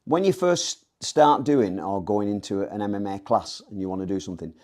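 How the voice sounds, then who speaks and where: A man's voice: lowish voice, moderate pace, darkish tone. A man coaching on breathing and stance for mixed martial arts in a rambling, self-correcting instructional talk. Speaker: MMA coach.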